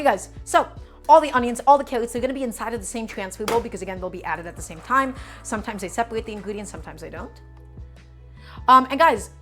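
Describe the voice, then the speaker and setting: A woman's voice: a little high, fairly bright tone. A woman hosting a live cooking stream from her home kitchen, chatting enthusiastically with viewers as she chops vegetables. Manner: enthusiastic, repetitive, addresses viewers as friends.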